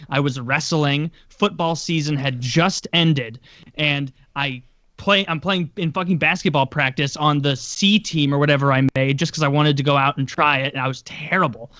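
A man's voice: on the high side, fairly even intonation, moderate pace, pushed and bright, dry recording, highs cut off. A man telling stories in casual chat, rambling with lots of filler words and the odd swear.

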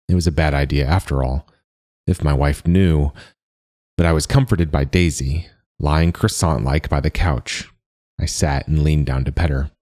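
A man narrating a first-person story in a calm, measured way. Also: a bass voice.

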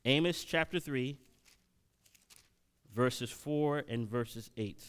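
A man preaching at a Bible study, reading scripture slowly and then speeding up with questions to the congregation. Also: mid-range voice. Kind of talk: sermon-style Bible teaching.

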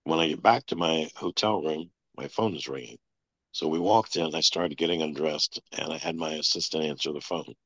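Very deep husky man, lo-fi. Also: moderate pace, a bit bright, no echo. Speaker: interview guest. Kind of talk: storytelling interview. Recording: dull lo-fi sound.

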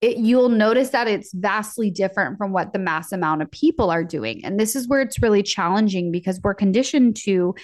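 A woman's voice: mid-range voice, animated, a little fast, hardly any pauses, no echo, clean studio sound. Chatty upbeat woman podcast host. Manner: chatty, upbeat, lots of fillers and acted-out quotes. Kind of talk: casual solo podcast talk.

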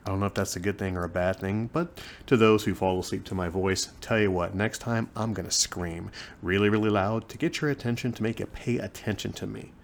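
A man in his forties hosting his own podcast from home, talking in a joking, self-mocking monologue that swings between loud bursts and soft asides. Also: on the low side, steady tone, brisk, gravelly, a little hiss or hum. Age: 40s. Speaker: podcast host. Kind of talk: casual comedic monologue. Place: living room at home, on a couch. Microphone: microphone close in front of his face.

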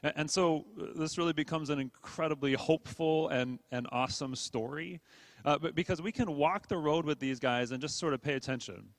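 A man's voice: fairly high pitch, a little fast, vocal fry, dry recording. A man preaching a sermon to a congregation in an earnest way, often repeating words and checking in with the room. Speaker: pastor.

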